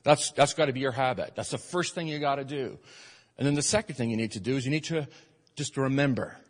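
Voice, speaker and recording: Emphatic preacher in an echoing hall. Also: male voice, mid-range voice, fast talker. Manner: emphatic preaching, rising and falling in force. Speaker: pastor. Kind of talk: sermon.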